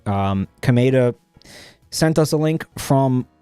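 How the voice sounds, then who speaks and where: Animated, profane young streamer man. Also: mid-range voice, slow pace, clear, resonant tone, no room sound, soft background music. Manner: profane, rambling, lots of restarts and laughter. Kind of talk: casual stream chat reading posts.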